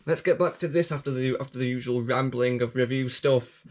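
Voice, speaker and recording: A man's voice: mid-range voice, fairly quick, darkish tone. A man hosting his own channel, rambling through updates and app reviews with frequent restarts, self-corrections and self-mocking asides. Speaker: channel host.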